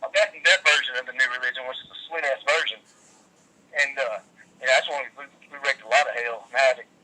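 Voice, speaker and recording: Sharp-voiced man, profane storyteller. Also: medium pitch, fairly quick, low-quality recording. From West Virginia. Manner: profane, rambling, animated storyteller. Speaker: guest, wrestler. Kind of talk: casual interview storytelling.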